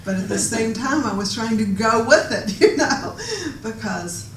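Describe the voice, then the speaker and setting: A woman's voice: a little high, fairly bright tone. Woman, reflective storytelling talk, distant mic, roomy echo, faint hiss. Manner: reflective, with pauses and restarts. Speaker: guest speaker. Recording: echoey room from far off.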